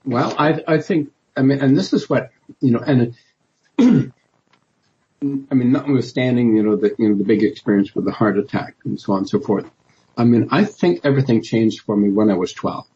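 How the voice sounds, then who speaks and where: A man's voice: mid-range voice, normal speed, mellow, breathy edge, muffled recording. A man, a politician guest in an interview, telling his story in a rambling way with many restarts and fillers. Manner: rambling, many restarts and "you know", laughs often.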